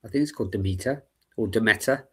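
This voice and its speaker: A man's voice: on the low side, fast, pushed and bright, husky. A man chatting as a guest on a stream panel, laid-back and hesitant, often trailing off. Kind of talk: casual chat.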